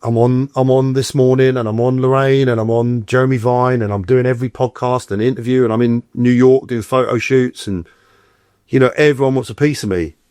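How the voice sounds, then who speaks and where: A man's voice: medium pitch, brisk, clear, resonant tone, no room sound, studio quality. A middle-aged man, an actor guest telling stories in a casual interview and acting out the voices he quotes. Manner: animated, acts out quoted voices.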